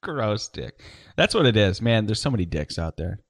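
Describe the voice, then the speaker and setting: Dude on a podcast telling a story, jokey, voice bounces up and down a lot. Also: male voice, on the low side, moderate pace. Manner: joking, lively storytelling. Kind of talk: casual podcast chat.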